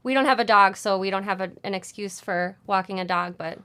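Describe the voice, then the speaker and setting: Woman co-host, 30s, smooth clear voice, easygoing and chatty, laughs easily. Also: mid-range voice, a little fast. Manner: chatty, relaxed, laughs often. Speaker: co-host of a sewing channel. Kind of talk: casual chat.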